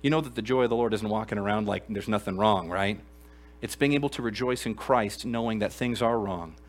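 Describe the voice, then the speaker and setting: A man preaching a sermon to a live congregation in a church, emphatic and earnest, swinging from loud exclamations to quiet asides and asking the room questions. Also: fairly low pitch, brisk. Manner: addresses the congregation directly with questions. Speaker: pastor.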